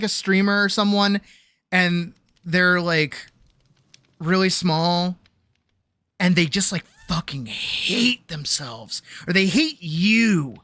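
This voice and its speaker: A streamer talks with viewers from a home streaming setup in a rambling, profane way, often breaking off mid-sentence and laughing. The voice is mid-range, bright and resonant, with a forceful tone and clear delivery, and there's no echo.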